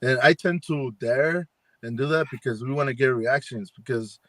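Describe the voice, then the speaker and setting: A man's voice: medium pitch, normal speed, bright, forceful tone, no room sound. A man, a paranormal investigator, telling a ghost story in a rambling way on a video call, acting out what people said with lots of fillers. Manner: rambling, acts out quoted dialogue with many fillers. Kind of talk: casual storytelling on a live chat.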